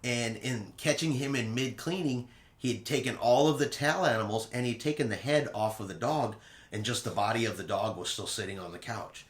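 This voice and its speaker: A man hosting a travel vlog, telling a casual cruise recap in an animated way and acting out quotes dramatically. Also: mid-range voice, brisk, echoey room. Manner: animated storyteller who acts out quotes dramatically.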